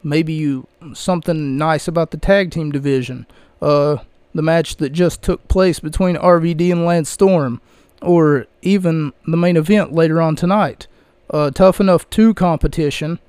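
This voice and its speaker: A man's voice: fairly high pitch, normal speed, a little mellow, clear, resonant tone, dry recording. A man hosting a podcast, talking casually and rambling with lots of fillers into a close microphone. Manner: rambling, chatty, frequent fillers. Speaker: podcast host. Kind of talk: casual solo commentary.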